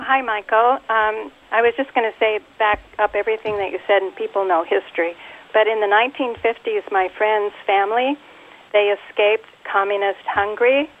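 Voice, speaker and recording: A woman calling in to a radio show, telling a story in an earnest, slightly halting way. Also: mid-range voice. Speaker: caller. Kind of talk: call-in radio conversation. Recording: tinny phone line.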